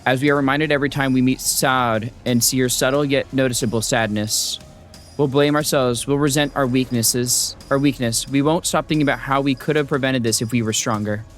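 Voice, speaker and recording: A man streaming a story game, reading the text aloud and reacting with excitable, swear-filled outbursts. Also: medium pitch, fairly quick, faint music behind. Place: home streaming setup.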